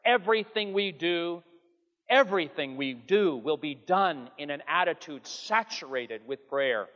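A man's voice: on the high side, animated, a little slow, fairly bright tone, muffled recording. A man preaching a sermon with earnest, emphatic delivery that rises and falls. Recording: long hall reverb.

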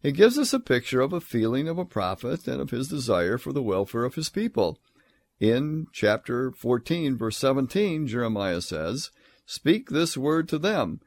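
A man giving a Bible lecture in an earnest way, slowing down and rising sharply on the points he stresses. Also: medium pitch, very animated, a little mellow, no room sound. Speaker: Bible teacher.

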